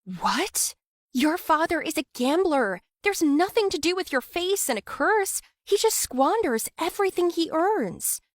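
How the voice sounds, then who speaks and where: A woman's voice: very high voice, sing-song, unhurried, dry recording, clean studio sound, voice pushed up, heavily acted. A woman voicing a bold, kind young girl who insists on proving a point. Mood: insistent. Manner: urgent, insistent.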